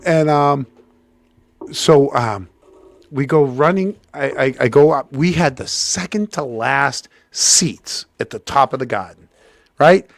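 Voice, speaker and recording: A middle-aged man co-hosts a casual show, telling a story with animation and acting out what people said, his pitch jumping on the quotes. He speaks unhurriedly, and the recording is dry.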